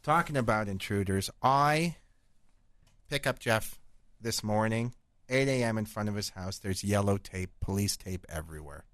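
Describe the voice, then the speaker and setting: A man's voice: lowish voice, expressive, moderate pace, a bit bright, dry recording. Guy hosting a podcast, crude rambling tall tales, super dry close mic. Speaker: podcast host. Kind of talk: crude comedic storytelling.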